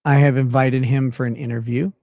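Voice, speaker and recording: A man's voice: mid-range voice, flat delivery, brisk, mellow, no room sound, clean studio sound. A man hosting a livestream in casual chat, blunt and profane, laughing often. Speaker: livestream host.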